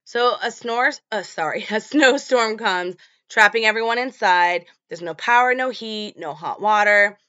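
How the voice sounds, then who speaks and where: A woman's voice: medium pitch, a little slow, few pauses, bright, forceful tone, dry recording, muffled recording. A woman hosting a podcast, recapping a film in a casual, chatty way with lots of fillers. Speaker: podcast host.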